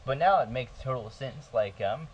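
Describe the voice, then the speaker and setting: A man's voice: mid-range voice, animated, moderate pace, lo-fi sound, slight background noise. A young man hosting a casual podcast chat, rambling with lots of "like" and "um" and laughing often. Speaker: podcast host.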